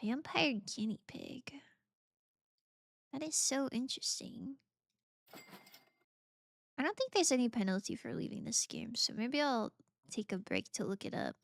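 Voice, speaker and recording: A woman's voice: fairly high pitch, very animated, a little slow, vocal fry, pauses often, no echo, clean studio sound. A woman streamer chatting casually while playing games, bubbly and gushing, laughing often. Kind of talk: casual gaming stream chat.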